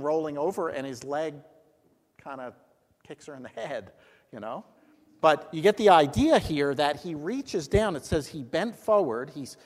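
A man leading a Bible study discussion, explaining a passage in an animated, storytelling way and acting out what the people said. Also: fairly high pitch. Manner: animated storytelling, acts out lines. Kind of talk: teaching discussion. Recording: long hall reverb.

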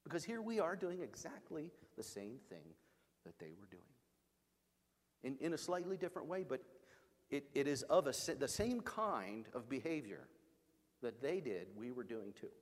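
A man's voice: medium pitch, big pitch swings, moderate pace, long reverb tail. A middle-aged male pastor preaching a sermon, in an emphatic, storytelling way.

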